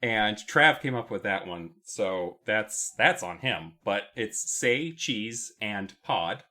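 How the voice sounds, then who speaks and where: A man co-hosting a podcast in loose, rambling conversation, full of likes and ums. His voice is fairly low but bright and forceful. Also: animated, takes it slowly. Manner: rambling storyteller with many fillers. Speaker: podcast co-host. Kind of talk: casual chat.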